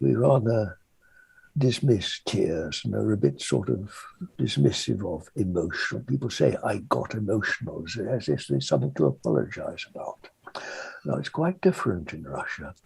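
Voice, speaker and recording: An older man from England with a very gravelly, husky voice and a dark, mellow tone. He talks in a halting, gentle way, often trailing off softly. The sound is dry and close. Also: on the low side, dry recording, rough recording. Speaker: interviewee, mystic and author. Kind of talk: reflective interview answer.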